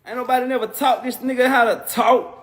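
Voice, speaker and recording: A man co-hosting a livestream, ranting and mocking in a loud, profane, laughing way. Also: extremely high pitch, steady tone, fast talker. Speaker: stream co-host. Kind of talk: loud joking rant.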